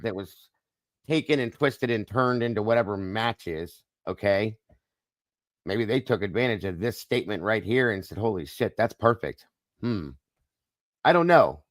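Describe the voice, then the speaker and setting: A livestream host muses aloud in a casual discussion, talking directly to viewers in the chat. His voice is on the low side, with no echo.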